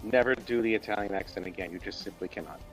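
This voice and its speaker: A man's voice: on the low side, quick pace, soft background music, low-quality recording. Teasing, blunt male co-host. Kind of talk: casual chat on a live stream.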